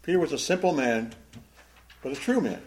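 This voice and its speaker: Man, Bible study teacher: animated, conversational, fairly high voice. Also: brisk, a little hiss or hum. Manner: animated, acts out quotes.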